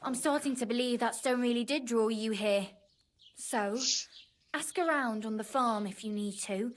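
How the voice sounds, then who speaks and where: A woman voicing an anxious, high-voiced peasant wife. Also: moderate pace, lightly acted. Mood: pleading. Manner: earnest, guarded, then desperate pleading. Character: anxious peasant wife pleading for her sick husband.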